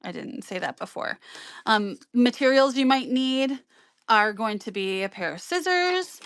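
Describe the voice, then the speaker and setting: A woman hosts a sewing stream and explains each step at an unhurried pace, with plenty of filler words. Her voice is smooth and clear. The sound is dry and close, with almost no room echo. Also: fairly high pitch, animated, fairly bright tone. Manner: chatty and rambling, many ums, greets viewers by name. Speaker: sewing livestream host. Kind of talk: casual sewing tutorial on a live stream.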